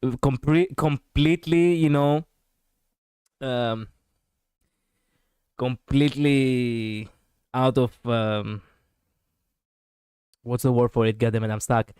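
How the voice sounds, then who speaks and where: A young man streaming a game, chatting casually and reading story text aloud, animated and laughing often with stumbles and restarts. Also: medium pitch, slow, pauses often, clear, resonant tone, no room sound, clean studio sound.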